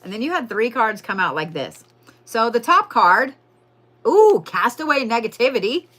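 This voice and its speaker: A bold, swearing woman with a drawl, hosting a live tarot reading. Her voice is bright and edgy, and her pitch swings widely as she repeats her points for effect. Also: sing-song, normal speed. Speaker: tarot and zodiac reader, livestream host. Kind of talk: live-stream tarot reading, casual and profane.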